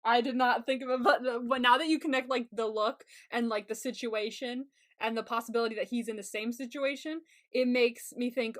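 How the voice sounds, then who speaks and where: A woman's voice: a little high, steady tone, a little fast, hardly any pauses. A woman co-hosting a podcast, reacting to a TV episode recap in casual chat and laughing often. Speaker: podcast co-host.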